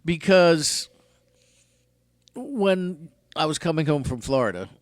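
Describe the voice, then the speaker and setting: A man in his sixties hosts a radio show in relaxed chat, spinning an anecdote and slipping into the voices of the people in it. His pitch swings widely as he talks. The studio sound is dry and close. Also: slow pace, dry recording. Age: 60s. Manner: animated storyteller who acts out other people's lines. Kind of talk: casual radio chat, storytelling.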